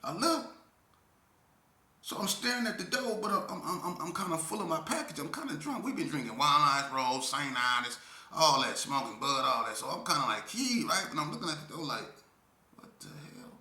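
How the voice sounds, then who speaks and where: A man telling a story from his youth in a casual, animated way, full of slang and often checking in with the listener. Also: on the high side, fairly quick, echoey room.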